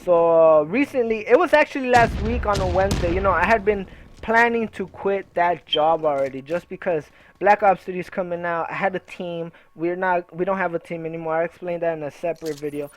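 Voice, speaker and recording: A man's voice: high voice, brisk, slight background noise. Young man rambling a profane story. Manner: rambling, profane, full of "you know" and "uh". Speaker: gaming video creator. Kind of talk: casual storytelling over gameplay.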